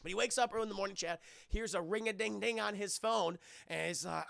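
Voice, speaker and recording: A young man streaming a casual, profane scene-by-scene movie recap, acting out characters in quick quoted bits and thanking his chat. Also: sits high, vocal fry, a bit bright, no room sound, clean studio sound. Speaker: movie reviewer streaming live.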